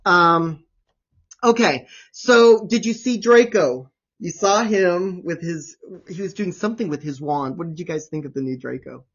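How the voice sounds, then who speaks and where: A man's voice: high voice, a little slow, dull audio. A man hosting a casual chat show, talking with gushing enthusiasm. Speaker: host.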